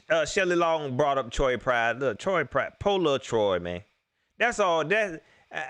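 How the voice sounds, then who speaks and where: A man hosting a casual sports talk stream, animated and joking, repeating his lines for effect. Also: on the high side.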